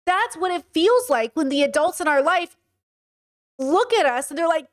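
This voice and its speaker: A woman's voice: very high voice, expressive, normal speed. A woman streamer reacting to news clips, talking indignantly and animatedly and mimicking other people. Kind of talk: casual reaction commentary.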